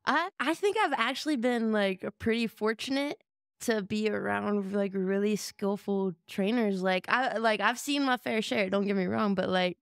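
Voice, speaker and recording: A woman's voice: mid-range voice, normal speed, gravelly, smooth, dry recording, clean studio sound. Chatty young woman co-hosting a podcast. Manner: chatty, many "like" fillers. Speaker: production assistant, co-host. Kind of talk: casual chat.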